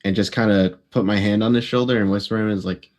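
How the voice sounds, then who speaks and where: A man playing a tabletop game, narrating his character's actions in a halting way with many pauses and fillers. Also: on the low side, steady tone.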